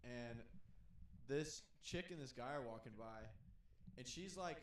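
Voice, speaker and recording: A man's voice: mid-range voice, animated, a little slow, slight background noise. A young man on a podcast, rambling through a casual story with lots of fillers and swearing. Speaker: podcast co-host.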